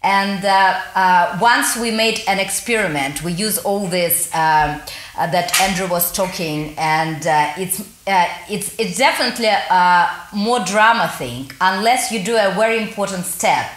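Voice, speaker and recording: A woman's voice: medium pitch, unhurried, fairly bright tone. Hesitant woman chef in an echoey room. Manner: hesitant, many fillers. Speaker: chef guest. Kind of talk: casual podcast chat.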